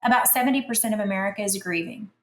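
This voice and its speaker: Woman author, podcast guest, animated chatty storyteller, average pitch, echoey room. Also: racing, slight background noise. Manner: chatty, animated, self-deprecating humor. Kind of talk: conversational storytelling.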